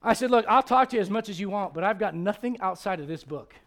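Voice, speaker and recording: A man's voice: high-pitched, lively intonation, fast talker, a bit bright. A man preaching a sermon to a congregation, emphatic and driving his points home with repeated rhetorical questions. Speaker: pastor. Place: church service before a congregation.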